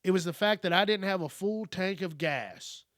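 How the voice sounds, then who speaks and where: Bright, animated man telling a story. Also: high voice, normal speed, no echo, clean studio sound. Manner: animated, profane and wry. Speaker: podcast host. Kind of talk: casual storytelling monologue.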